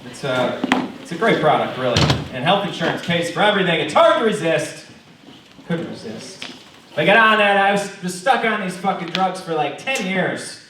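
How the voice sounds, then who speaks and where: A man works through a stand-up set, with profane, mock-earnest storytelling in a somewhat high voice. His voice rings through a heavily echoing room, picked up from well back, with a faint hiss underneath. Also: animated, moderate pace, pushed and bright. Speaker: stand-up comedian. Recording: very echoey room, mic far off.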